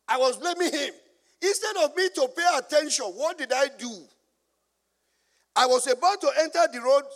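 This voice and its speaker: Nigerian pastor, very high pitch, sermon with call-and-response and humor, big reverberant hall. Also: male voice, fairly bright tone. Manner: call-and-response preaching, asking the congregation to finish his lines; storytelling with humor.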